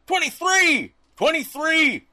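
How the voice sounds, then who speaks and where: Man doing a crazed tabletop madman, shrill high shouting, bright sharp tone. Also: sing-song, slow pace, exaggerated voice. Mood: manic yelling. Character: crazed male NPC yelling into a pit.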